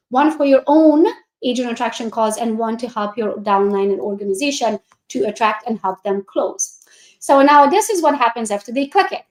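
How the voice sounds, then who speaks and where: A high-pitched woman coaching real estate agents, talking fast and nonstop. She acts out sales calls in a bubbly voice. The sound is roomy and echoey. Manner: fast, animated, talks a lot. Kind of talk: coaching presentation.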